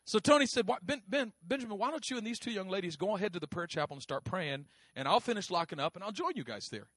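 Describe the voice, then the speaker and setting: A middle-aged man preaching, telling a story with lively acted-out voices and frequent laughter. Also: sits high, quick pace, dry recording, clean studio sound. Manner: animated, acts out voices, laughs often. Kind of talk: sermon storytelling.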